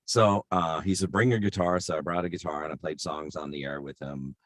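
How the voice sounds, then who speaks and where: Brief: middle-aged man, voice actor, very low voice, dry close sound, rambling anecdotes full of fillers. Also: flat delivery, fairly quick, a bit bright, no echo. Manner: rambling, many fillers and restarts. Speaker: voice actor guest. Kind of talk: casual interview storytelling.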